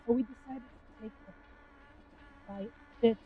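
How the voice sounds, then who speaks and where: A woman reading a horror game's dialogue aloud in a halting way, with casual swearing. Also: on the high side, fairly even intonation. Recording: tinny phone-like line with music.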